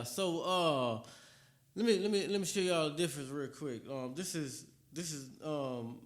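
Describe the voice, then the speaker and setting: A man's voice: fairly high pitch, measured pace. A man hosting a comedy show, hyping up the crowd with loose banter between acts. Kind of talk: emcee introductions.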